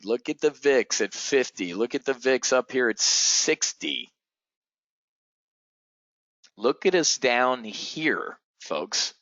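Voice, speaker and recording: Man, excitable trading webinar host, swears, keeps saying folks, dry slightly dull sound. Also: medium pitch, no room sound.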